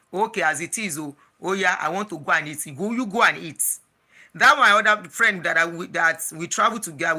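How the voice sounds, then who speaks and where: An adult vlogger with a Nigerian accent and a very bright, sharp tone. The story comes out as casual chat that mixes in Pidgin. It is full of small restarts and asides. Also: mid-range voice. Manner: chatty, slips into Pidgin, frequent restarts. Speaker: travel and lifestyle vlogger.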